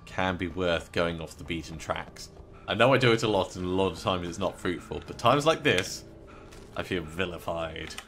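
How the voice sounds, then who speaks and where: A man with a very deep, gravelly voice talks through his gameplay in a relaxed, wry way. Faint noise sits behind his voice. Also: moderate pace. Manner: wry, joking asides. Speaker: let's play host. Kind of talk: casual gameplay commentary.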